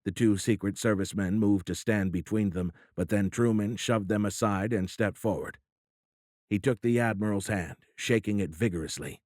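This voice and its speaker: A middle-aged man reads an audiobook in a steady, even storytelling style, his voice sitting on the low side at a moderate pace. It's scripted narration with clean studio sound and no room sound.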